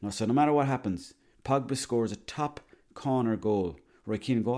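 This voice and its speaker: A man's voice: mid-range voice, normal speed, warm tone. A man telling a rambling, boastful comic monologue, swearing freely.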